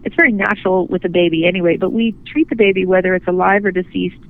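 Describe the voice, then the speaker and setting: A woman guest, a photographer, speaking earnestly and gently in a phone interview, often restarting her sentences. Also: lowish voice, fairly even intonation, quick pace. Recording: tinny phone line.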